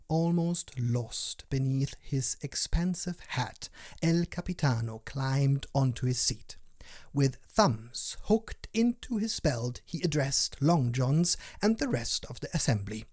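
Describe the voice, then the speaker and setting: Guy narrating a storybook, husky whispery voice, takes his time. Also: mid-range voice, takes it slowly. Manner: hushed, often whispered delivery. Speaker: audiobook narrator.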